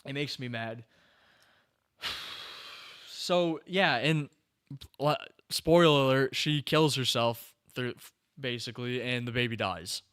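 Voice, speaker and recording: Bright, crisp-voiced man rambling on a podcast. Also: mid-range voice, slow, long pauses. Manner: rambling, animated, lots of fillers and restarts. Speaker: podcast host. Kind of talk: casual podcast chat.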